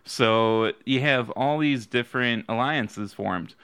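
A man's voice: medium pitch, takes it slowly, a bit bright, smooth, dry recording. A man casually explaining history in a loose, slangy, rambling way, often breaking into laughter.

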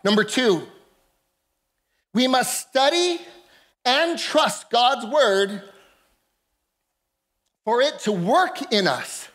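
Very high-voiced impassioned male preacher. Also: animated, very slow, long pauses. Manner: impassioned preaching, bursts of shouting, calls to the congregation. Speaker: pastor. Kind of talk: sermon. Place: church service with a congregation.

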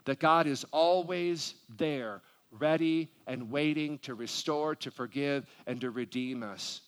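A man's voice: fairly high pitch, slow, clean tone. A middle-aged male pastor preaching a sermon, reading scripture aloud and then pleading with the congregation in prayer-like appeals. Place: church sanctuary.

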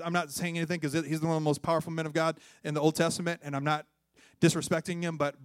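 Pastor guy preaching in church, fervent, loud then hushed, higher voice, dry close sound. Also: no room sound. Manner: fervent call-and-response preaching, swings between loud and hushed. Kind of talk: sermon.

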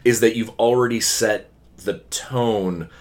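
A man with a fairly low voice talks casually on a podcast. He is opinionated and animated and often restarts his sentences. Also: slow pace. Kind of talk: casual chat.

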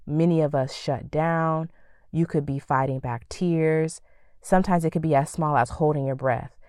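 Low-voiced woman giving animated faith talk. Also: normal speed, no echo, studio quality. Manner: animated, preacherly, acts out quoted thoughts with playful sass. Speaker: podcast host. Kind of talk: faith-based motivational talk.

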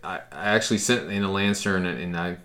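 A man co-hosting a casual chat, telling stories in a relaxed way and swearing freely. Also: deep voice, fast. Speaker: podcast co-host.

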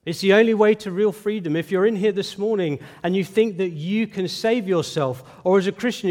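Male pastor, slightly high voice, earnest emphatic sermon, long reverb of a large hall. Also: darkish tone. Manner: earnest, emphatic preaching with rhetorical questions.

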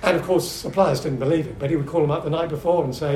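A middle-aged man speaking at a seminar, telling anecdotes in a lively but hesitant way, full of ums and restarts. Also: on the high side, fast talker, hardly any pauses. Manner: lively storyteller. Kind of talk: anecdotal talk to a seminar audience. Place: echoey meeting room. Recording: echoey room with faint hum.

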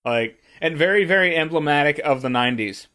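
A man's voice: fairly high pitch, lively intonation, a little fast, pushed and bright, clean tone. A man from Missouri co-hosting a podcast, chatting casually, joking and swearing with stammering restarts. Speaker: podcast co-host.

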